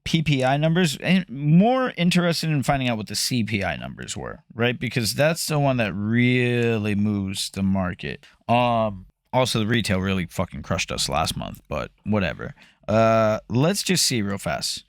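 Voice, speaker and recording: A man's voice: on the low side, sing-song, moderate pace, no room sound, studio quality. A man co-hosting a real estate market update in casual chat, loose and profane and often laughing.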